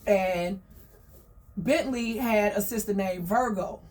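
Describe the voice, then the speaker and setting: A woman telling a story in a chatty, slangy, gossipy way, full of animated asides. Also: medium pitch, takes it slowly, far from the mic.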